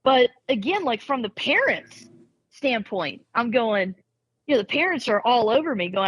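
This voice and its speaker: A woman who is a former college and travel ball softball coach, talking casually on a podcast in an animated storytelling way, often restarting and repeating words. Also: on the high side, normal speed, breathy edge, dry recording, highs cut off.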